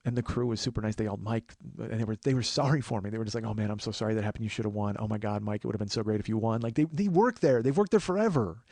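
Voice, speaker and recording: A man's voice: lowish voice, rapid-fire, few pauses, darkish tone, dry recording, clean studio sound. A man hosting a podcast, telling a long personal story in a rambling casual way, acting out what others said. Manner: rambling, with restarts and acted quotes of others. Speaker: podcast host.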